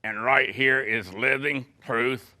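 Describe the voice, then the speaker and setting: A ventriloquist voicing a cheeky, dim-witted male puppet who teases him with quick comebacks. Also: medium pitch, steady tone, pushed and bright. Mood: wisecracking.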